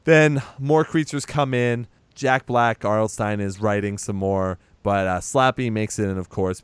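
Male podcast co-host, relaxed and profane, smooth clean voice, dry recording. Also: on the low side, no echo. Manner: loose and profane, laughs while retelling scenes. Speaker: podcast co-host recapping a film. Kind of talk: casual chat.

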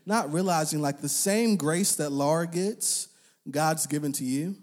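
A man's voice: a little high, a little slow. A young man preaching a casual sermon in a conversational manner, with slang and filler words, acting out voices in the passages he quotes. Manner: animated, acts out quoted voices.

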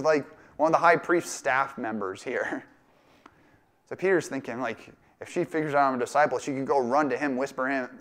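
A male pastor preaching a sermon in a casual, conversational way, now and then acting out quoted lines with a laugh. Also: medium pitch. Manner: conversational, acts out quoted voices and jokes.

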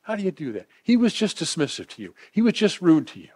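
A male preacher delivering a sermon with a fairly high, lively voice. He leans hard on key lines, then drops low and quiet to draw listeners in. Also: fast. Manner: dynamic, swinging from emphatic to hushed.

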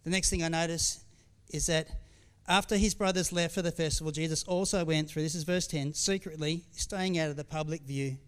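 A man's voice: on the high side, steady tone, fairly quick, hardly any pauses, clear, resonant tone. A middle-aged man preaching a sermon as pastor, speaking candidly and conversationally with frequent restarts and asides. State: tearful at times.

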